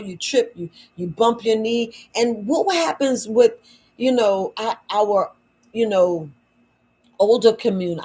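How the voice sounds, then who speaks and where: A tired, worn-out woman chatting late at night in a low voice. She talks casually to her viewers as a shop owner, repeating words for emphasis in folksy phrasing. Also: darkish tone, slightly rough, low-quality recording. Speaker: herbal shop owner selling wellness patches. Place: at home at night.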